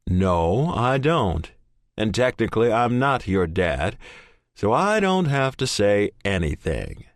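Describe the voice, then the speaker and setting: A steady, earnest middle-aged father, as a male narrator puts him on, speaking in a deep, measured tone. His words come slow and firm. The sound is close and dry, as in an audiobook booth. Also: no room sound, full character voice. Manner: earnest and measured, rising to stern. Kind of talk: audiobook character voice.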